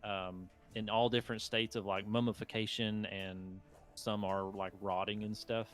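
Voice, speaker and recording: A man's voice: lowish voice, little pitch movement, normal speed, a bit bright. A man narrating as game master, describing scenes in a loose, rambling way.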